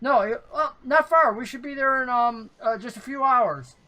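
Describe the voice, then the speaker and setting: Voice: high-pitched, normal speed, pushed and bright, voice pushed up. A game master voicing a small, cocky male halfling ship crewman who fancies himself a ladies' man, in a folksy drawl. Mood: evasive. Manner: folksy, boastful, drawls "ain't ya".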